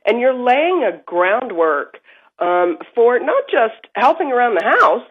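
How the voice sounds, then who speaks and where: A woman's voice: on the high side, sing-song, slow. A woman parenting guest giving emphatic, upbeat advice as a remote guest on a morning TV show. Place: Dallas. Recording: lo-fi remote line.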